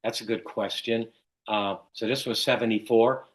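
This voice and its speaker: An older man from Chicago, a guest telling stories in an interview with lots of animated retelling. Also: on the low side, moderate pace, rough recording. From Chicago, USA. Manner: animated storyteller who acts out quoted dialogue. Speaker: guest, cycling race announcer. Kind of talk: casual storytelling in an interview.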